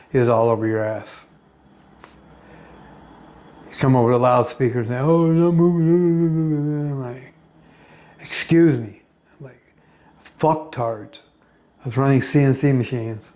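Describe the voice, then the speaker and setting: Middle-aged man, from the US, blunt and profane, halting, many fillers, rambling monologue. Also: medium pitch, darkish tone. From United States. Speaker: vlogger.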